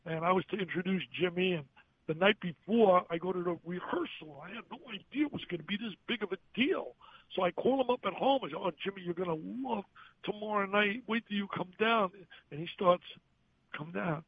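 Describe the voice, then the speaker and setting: An older man on a phone call, telling stories in an animated way and acting out the voices of the people in them. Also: sits high, brisk, breathy edge. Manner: animated, acts out quoted voices. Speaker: guest. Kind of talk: emotional storytelling on a call-in. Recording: tinny phone line with faint hiss.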